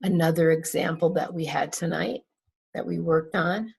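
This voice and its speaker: A woman with a low, husky voice and some vocal fry reviews vowel sounds. She speaks very slowly, repeating each example word twice and stretching out its vowel. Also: darkish tone. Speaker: English teacher. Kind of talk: slow, careful classroom review.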